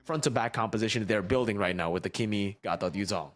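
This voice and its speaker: A man's voice: lowish voice, quick pace, fairly bright tone. Analytical male esports co-caster. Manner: analytical, explains strategy in long runs, asks rhetorical "right?".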